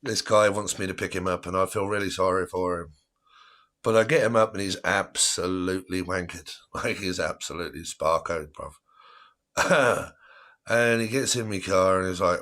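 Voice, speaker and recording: A man's voice: deep voice, normal speed, a bit bright. An English man with a slangy, rambling way of talking, telling a casual story on a live stream, swearing and laughing often.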